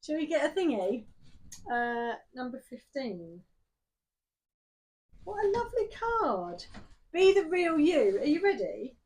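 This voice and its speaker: A chatty young woman with a high voice gives a tarot reading straight to camera. She talks in a warm, easy way and turns openly emotional. Her voice is caught on a simple camera mic. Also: very animated, takes it slowly, pauses often. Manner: chatty, emotional, laughing and teary. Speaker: tarot reader.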